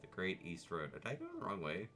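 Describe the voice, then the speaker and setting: A man streaming a video game, playful and excitable, chatting his way through and greeting the animals. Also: deep voice, brisk, soft background music. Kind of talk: casual gameplay commentary.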